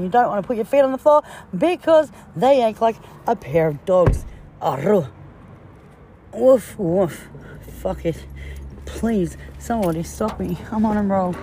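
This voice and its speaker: A woman's voice: mid-range voice, moderate pace, mellow, a little hiss or hum. A woman vlogging casually on a phone from a car and a clinic, blunt, joking and full of swearing. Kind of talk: casual vlog chat.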